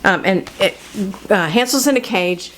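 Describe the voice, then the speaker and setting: A woman's voice: mid-range voice, animated, normal speed, a bit bright, a little hiss or hum. A woman hosting a casual book talk who chats loosely, often laughs and breaks off mid-sentence. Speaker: host. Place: home studio.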